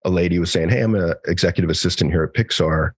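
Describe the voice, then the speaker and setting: A man's voice: low-pitched, fast talker, breathy edge, dry recording. A man, a psychologist guest on a podcast, telling stories in a casual conversational way, acting out quoted dialogue and swearing now and then. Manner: frequent fillers and restarts, casual swearing.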